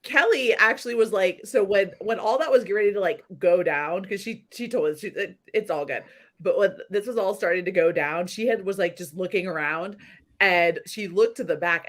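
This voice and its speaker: A woman in a casual chat, telling a story in a chatty, giggly way. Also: medium pitch.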